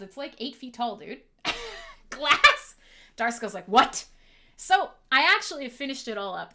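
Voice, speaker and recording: A woman's voice: on the high side, bright, forceful tone. A woman hosting a casual livestream from home, joking with her chat in a profane, sarcastic, self-mocking way. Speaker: livestream host.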